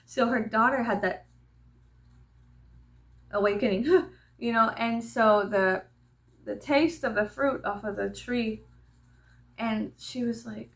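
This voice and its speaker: A woman vlogger tells a story in a loose, chatty way, swearing freely and laughing as she goes. Her voice sits a little high. It has a strong gravelly fry. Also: a little slow, pauses often. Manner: animated, profane, laughing asides. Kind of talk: casual storytelling chat.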